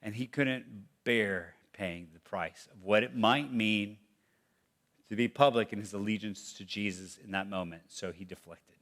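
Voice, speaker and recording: A man preaching a sermon as pastor in a conversational way, moving from loud emphasis to hushed, quiet passages. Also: lowish voice, measured pace. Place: church.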